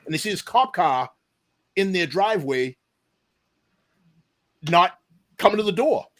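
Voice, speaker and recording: A man in his forties tells a long story from his youth as a guest on an interview show. He is animated, jumps into the voices of the people in the story, and his voice sits a little on the high side. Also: a little slow. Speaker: deputy police chief, podcast guest.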